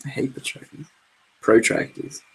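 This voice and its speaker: A man co-hosting a podcast in casual chat, joking around, swearing freely and often trailing off mid-thought. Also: normal speed. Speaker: podcast co-host.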